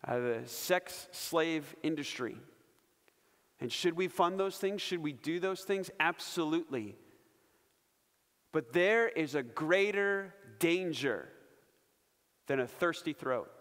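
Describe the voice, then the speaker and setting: A man preaching a sermon from the front of a church, passionate and emphatic. His voice sits a bit high for a man and swells loud on his key points before dropping low and quiet. Long reverb from the hall trails behind every phrase. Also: animated, slow pace, pauses often. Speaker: pastor. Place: church sanctuary.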